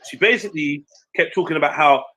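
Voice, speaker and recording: A man, telling a story in casual chat, animated and slangy, swearing freely and acting out what others said. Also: on the high side, quick pace, poor audio. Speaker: stream panelist.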